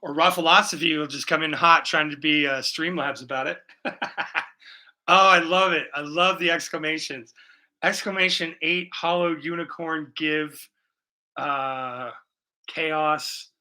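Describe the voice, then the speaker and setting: With a fairly high, bright, forceful voice, steady in tone and a little slow, a young painter livestreams his work. He explains his brushwork while chatting casually and with plenty of swearing to his viewers.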